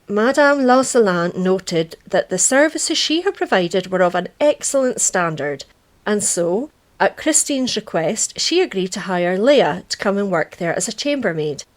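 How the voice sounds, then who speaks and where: A chatty woman from Britain hosts a true crime podcast. She reads the case in an easy, casual way and often drops into jokes and laughter with her co-host. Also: medium pitch.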